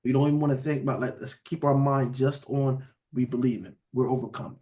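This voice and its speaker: At a fast pace and medium pitch, a man guides a Bible study with casual, conversational preaching. He stays lively throughout and often calls his listeners "beloved."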